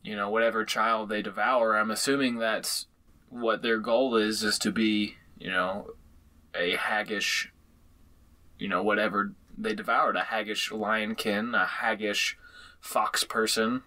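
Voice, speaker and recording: A man playing a tabletop game on a podcast, musing in a relaxed way with "you know" fillers. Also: fairly low pitch, measured pace. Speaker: podcast co-host and player.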